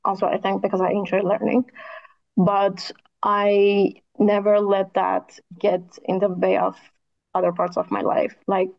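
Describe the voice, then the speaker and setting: A woman architect, who also co-hosts a podcast, appears as a guest in a casual interview, sounding thoughtful and a bit tired and using "like" and "kinda" a lot. Her gravelly voice is medium-pitched with little pitch movement, and she speaks unhurriedly. The lo-fi audio is slightly dull.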